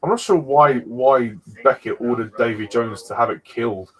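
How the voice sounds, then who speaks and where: A man's voice: medium pitch, moderate pace, poor audio. A man chatting casually through a fan film commentary, easygoing and rambling, often laughing between remarks. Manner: easygoing, rambling, many fillers.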